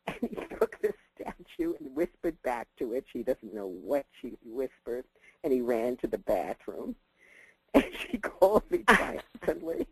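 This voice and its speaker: A man's voice: unhurried, slightly rough, no room sound, poor audio. An older man telling a family anecdote on a parenting podcast, chuckling often as he talks. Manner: chuckling, animated storyteller with a wide-ranging pitch. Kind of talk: anecdotal storytelling.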